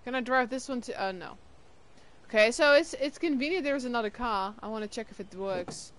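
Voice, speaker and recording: A young woman streaming a game, chatting casually with viewers, tired and yawning, with excited bursts of greeting. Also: fairly high pitch, fairly quick, a little hiss or hum. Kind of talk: casual live-stream chat.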